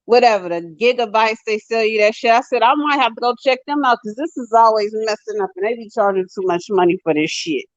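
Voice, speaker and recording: A woman from Ohio with a high, bright-pitched voice tells stories with lots of profanity and animation. She is on a video call, and the audio comes through dull and lo-fi. The sound is close and dry. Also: fast, few pauses, no echo. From Dayton, Ohio. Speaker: co-host. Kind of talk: casual chat.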